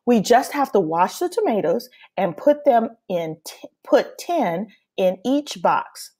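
A woman reading a picture book aloud, voicing a kind grandmother who gently encourages a child. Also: mid-range voice, big pitch swings, slow pace, slightly rough, exaggerated voice. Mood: gentle. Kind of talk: storybook read-aloud.

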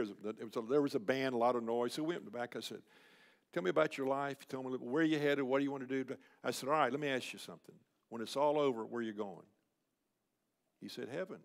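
A man preaching at a men's luncheon, telling a personal story, who swings from loud urging to a hushed, quiet voice. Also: fairly high pitch, long reverb tail. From United States. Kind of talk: sermon storytelling.

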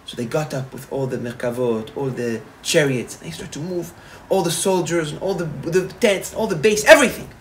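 A man, a rabbi, telling a parable in a sermon, animated, repeating phrases and restarting often. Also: a little high, brisk, hardly any pauses, a little hiss or hum, rough recording. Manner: animated, repetitive, frequent restarts. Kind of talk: storytelling sermon.

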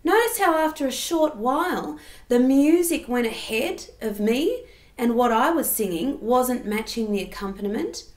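A woman's voice: on the high side, animated, normal speed, a little mellow, roomy sound. A woman giving a singing lesson, explaining step by step and breaking into sung examples. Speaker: singing teacher.

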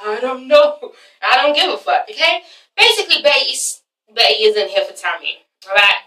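A woman's voice: a little high, fairly quick. A woman hosting a casual review vlog, swearing freely and acting out scenes. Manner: swearing, animated, acts out scenes. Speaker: vlog host reviewing a reality show. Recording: roomy, mic at a distance.

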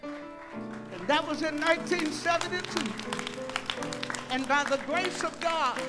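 A woman's voice: sits high, slow pace, loud music behind the voice, a loud crowd. An older woman, a guest singer telling a folksy, preachy testimony to a concert audience and breaking into hymn lines. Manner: preachy, folksy storytelling, calls out "y'all". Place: concert hall stage.

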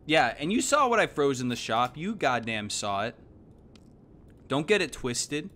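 There's a little hiss or hum as a young man streams a game in an unhurried, medium-pitched voice. His casual stream talk is rambling and profane, veering between muttering and excited yelps.

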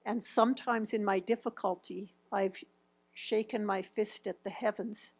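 Slow talking lady in her 50s giving a grief seminar, reflective, goes through slides. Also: mid-range voice, steady tone, husky. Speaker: chaplain presenting a grief seminar. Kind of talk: seminar presentation.

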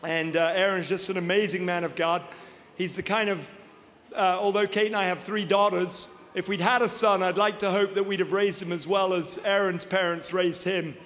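Animated high-voiced man preaching in a hall. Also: moderate pace. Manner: animated, self-deprecating, laughs often. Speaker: guest preacher. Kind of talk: humorous storytelling sermon. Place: large church auditorium. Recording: long reverb of a large hall.

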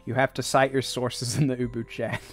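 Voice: medium pitch, little pitch movement, fairly quick, no room sound. A livestreamer chatting casually to chat while drawing, goofy and laughing often between jokey asides.

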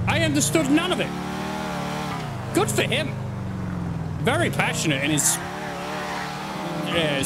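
A man in his thirties giving rambling, joking let's play commentary over a game. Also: high-pitched. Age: 30s. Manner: animated, sweary, rambling jokes. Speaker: gaming streamer. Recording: over loud game sounds. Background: loud game traffic and city sounds.

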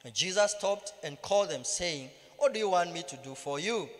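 A man's voice: high voice, animated, normal speed, fairly bright tone. A man with a Kenyan accent leading a Bible study, mixing English and Swahili and rising to emphatic cries. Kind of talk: sermon-style Bible teaching. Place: church hall. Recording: reverberant church hall.

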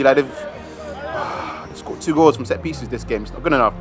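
Excitable man commentating football. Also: medium pitch, normal speed, music in the background. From South London. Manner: casual slang, cheering and groaning over plays. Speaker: match commentator for his club.

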